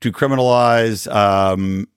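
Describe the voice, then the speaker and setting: A man's voice: lowish voice, steady tone, slow pace, smooth, no echo, clean studio sound. A man hosting an opinionated solo commentary show, talking in a sarcastic, emphatic way with occasional swearing. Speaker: political commentary host.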